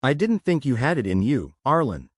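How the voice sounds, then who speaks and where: A man's voice: medium pitch, sing-song, moderate pace, dry recording, clean studio sound. A man voicing a joking, hard-drinking rebel man with a mocking manner.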